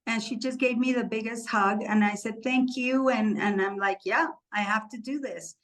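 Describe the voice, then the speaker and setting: A woman's voice: fairly high pitch, steady tone, moderate pace, low-quality recording. A woman co-hosting a podcast, telling a candid and emotional personal story in casual chat. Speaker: podcast co-host.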